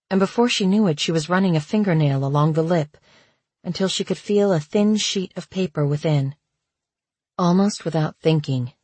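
An audiobook narrator reading a novel in a steady, measured way. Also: medium pitch, husky, dry recording. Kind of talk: scripted narration.

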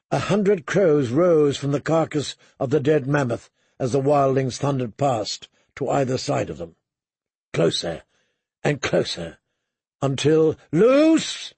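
A man reading a dramatic audiobook in a measured way, slipping into hushed low tones for tense moments. His voice is gravelly and a little husky, set slightly high for a man, and recorded dry and close. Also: no echo. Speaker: audiobook narrator.

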